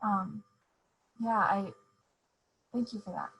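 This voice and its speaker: A woman hosting a virtual book event over a video call, speaking softly with many fillers. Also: medium pitch, fairly even intonation, slight background noise, poor audio. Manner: slow, soft, many fillers. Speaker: host.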